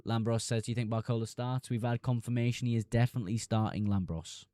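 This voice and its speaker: A man's voice: medium pitch, fairly even intonation, fast, warm tone, dry recording, studio quality. A young man streaming live, reading chat messages aloud and answering them casually.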